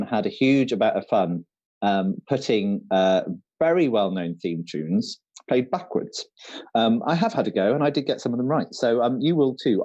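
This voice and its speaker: A chatty male quiz host who fills his sentences with ums and uhs. His tone is mellow and his pitch moves a lot. The recording sounds muffled and lo-fi. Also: no echo. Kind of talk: casual online quiz hosting.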